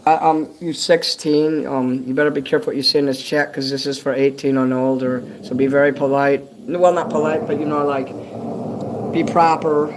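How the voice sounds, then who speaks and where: A little high and level in tone, the older man's voice keeps a moderate pace against background noise. He hosts a rambling, casual livestream, swearing openly and replying to comments from viewers.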